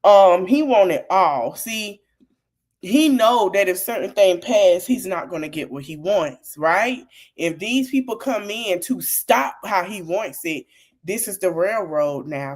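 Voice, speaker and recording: A woman hosting a podcast, talking to her audience in an animated, casual way about politics and laughing often. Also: mid-range voice. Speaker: podcast host.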